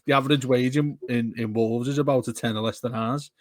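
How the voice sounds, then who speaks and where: A man's voice: mid-range voice, fairly even intonation, brisk, dry recording. Male podcast co-host, rambling and chatty, dry close sound. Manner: rambling, restarts often, laughs while talking. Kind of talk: casual chat.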